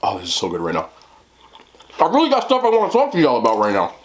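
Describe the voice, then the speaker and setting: A man's voice: mid-range voice, huge pitch swings, fast talker, a little hiss or hum. Laid-back young man chatting while eating. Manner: chatty, laid-back, talks with mouth full. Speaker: mukbang vlogger. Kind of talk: casual talk to camera while eating.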